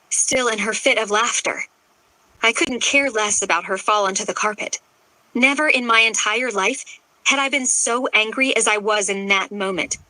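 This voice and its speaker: Bright-voiced woman reading an audiobook. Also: fairly high pitch, dry recording, poor audio. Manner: emotional, dramatic storytelling. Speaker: audiobook narrator. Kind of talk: first-person scripted narration.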